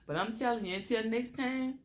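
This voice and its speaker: A woman's voice: a little high, brisk. A middle-aged woman, hosting a casual chat and laughing as she tells a story. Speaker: channel host.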